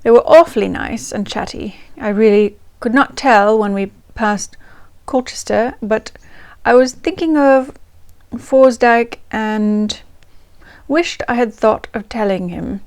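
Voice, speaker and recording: A woman's voice: a little high, slow pace, clean tone. A woman reading aloud as a chatty young 1920s English woman diarist, in a put-on English accent. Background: faint ragtime music.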